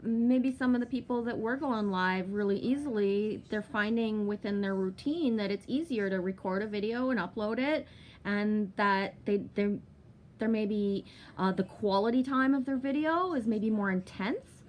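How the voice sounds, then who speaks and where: A woman's voice: mid-range voice, moderate pace, a little hiss or hum. Chatty woman telling a story. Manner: chatty, swears freely, many fillers. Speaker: vlogger. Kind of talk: casual storytelling monologue.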